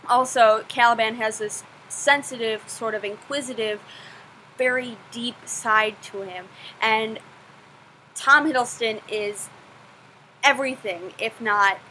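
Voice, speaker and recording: A young woman talks straight to camera with a bright, forceful tone that sits a little high. She chats and gushes with a self-deprecating streak. A faint hiss runs under the recording. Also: slow, poor audio. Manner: chatty, self-deprecating, gushing. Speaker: vlogger answering viewer questions. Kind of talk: casual Q&A vlog.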